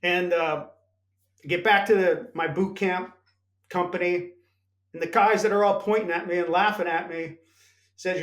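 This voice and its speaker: Podcast guest: a high-pitched older man, lively storyteller who acts out quoted voices. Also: moderate pace. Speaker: podcast guest, former Navy SEAL. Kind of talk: storytelling in an interview.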